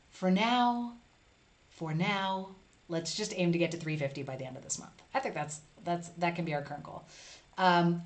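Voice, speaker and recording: A woman's voice: lowish voice, a bit bright. Chatty woman hosting a live stream. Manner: chatty, reads chat aloud, playful asides. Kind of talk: casual live stream chat.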